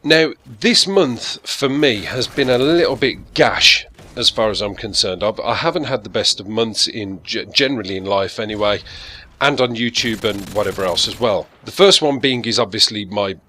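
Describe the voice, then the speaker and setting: Chatty man with a bright voice. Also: lowish voice, lively intonation, moderate pace, slight background noise. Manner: chatty, rambling, self-deprecating. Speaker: gaming YouTuber. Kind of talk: casual talk to camera.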